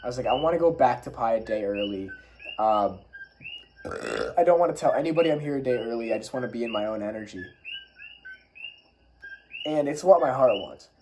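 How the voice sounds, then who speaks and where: A young man telling a casual, animated travel story, full of swearing and spiritual talk. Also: medium pitch, fairly quick, long pauses, a little hiss or hum, rough recording. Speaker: travel vlogger.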